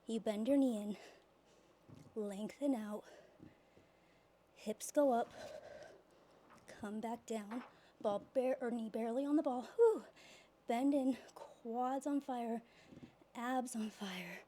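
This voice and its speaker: A woman's voice: on the high side, slow pace, long pauses, dark tone, a little hiss or hum. Out-of-breath woman cueing a pilates class. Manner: cueing exercises while working out, breathy exhales. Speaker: pilates instructor. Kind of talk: workout class instruction.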